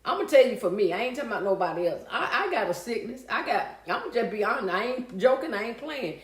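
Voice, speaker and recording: A woman's voice: on the high side, very animated, fast. A woman hosting a casual livestream, chatting with viewers and reading out their comments in a folksy way. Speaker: livestream host. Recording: echoey room.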